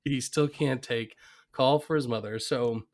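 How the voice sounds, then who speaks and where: A man's voice: medium pitch, a little slow. A man co-hosting a podcast in casual chat, animatedly retelling scenes and laughing often. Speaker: podcast co-host. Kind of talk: casual chat recapping an episode.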